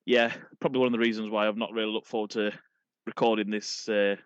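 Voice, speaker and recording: A man with a very deep voice co-hosting a casual football podcast. He speaks in a wry, self-mocking way. The recording is dry and somewhat muffled. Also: flat delivery, fast, smooth, no room sound. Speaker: podcast co-host.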